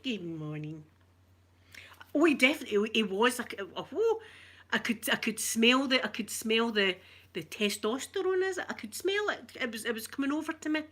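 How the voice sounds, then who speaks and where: A woman's voice: on the high side, pushed and bright. A middle-aged Scottish woman chatting to her live-stream viewers, bawdy, flirtatious and full of stories. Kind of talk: casual live-stream chat.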